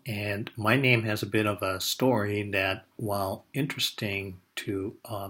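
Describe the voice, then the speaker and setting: Slow, low-voiced older man telling a story. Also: fairly bright tone. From Indonesia. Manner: measured, with frequent "uh" pauses. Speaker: speaker telling a personal story. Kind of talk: personal storytelling talk.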